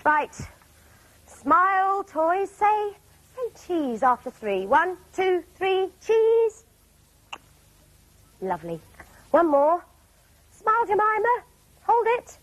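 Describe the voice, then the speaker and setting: A woman's voice: very high voice, sing-song, slow, pauses often, a bit bright, dry recording. A woman presenting children's TV in a cheerful, playful way, talking and singing to toys.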